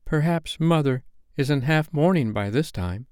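A man's voice: a little high, animated, moderate pace, darkish tone, smooth, no echo, studio quality, pitched above the performer's own voice, natural voice. A man doing an urgent, earnest young girl. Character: anxious, resolute young girl.

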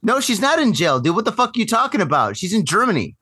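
A man co-hosting a podcast, chatting in an excitable, profane way and often groping for words. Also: high voice, fast, slightly rough, dry recording, clean studio sound. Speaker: podcast co-host. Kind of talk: casual chat.

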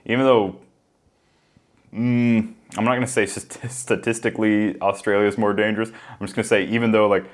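A man co-hosting a casual podcast, rambling with lots of fillers and getting lively when he mocks something. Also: on the low side, moderate pace. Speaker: podcast co-host.

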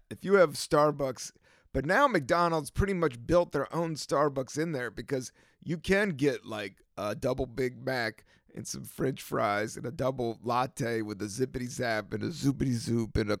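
A man's voice: medium pitch, creaky, no room sound, studio quality. A young man hosting a podcast, riffing casually and laughing often in a loose, rambling way. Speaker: podcast host.

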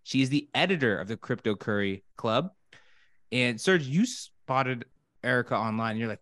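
A man hosting a podcast interview as a wealth manager, talking with energetic, friendly banter. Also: mid-range voice, normal speed, dry recording, clean studio sound.

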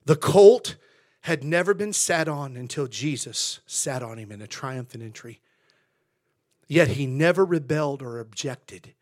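A male American pastor preaching a sermon, moving between quiet asides and loud, emphatic declarations, with a folksy storytelling manner. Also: fairly high pitch.

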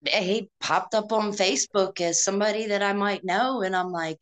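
A woman's voice: medium pitch, normal speed, hardly any pauses. A woman, an Army veteran, telling her story in an earnest, reflective way during a casual interview.

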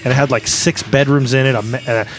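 A man co-hosting a casual podcast from a pub booth, rambling through stories and quoting people in animated voices. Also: mid-range voice, quick pace, soft background music. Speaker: podcast co-host. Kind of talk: casual chat.

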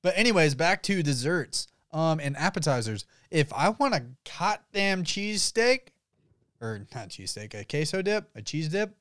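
Young male podcast co-host, loose and profane, a bit tipsy, lively pitch, smooth dry sound. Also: moderate pace, no echo. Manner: loose, joking, profane, says he has been drinking. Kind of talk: casual podcast banter.

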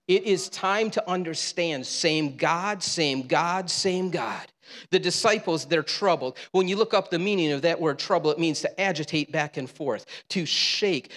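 A man's voice: a little high, fairly bright tone. A male pastor preaching a sermon in a conversational, humorous way in a church sanctuary. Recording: long reverb of a large hall.

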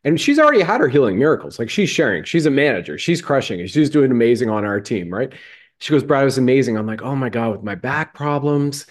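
An enthusiastic man hosts a casual talk, introducing and praising his guests. His voice sits at a middle pitch, with an eager, upbeat way of speaking. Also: big pitch swings, quick pace. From Canada. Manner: enthusiastic, hyping. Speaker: host. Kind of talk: casual chat.

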